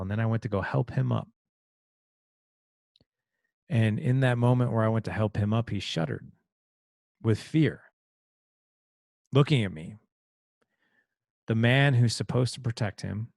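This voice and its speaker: A man in his thirties, a podcast host, telling an emotional personal story in a halting, confessional way. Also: fairly low pitch, gravelly, a little mellow, no echo, studio quality.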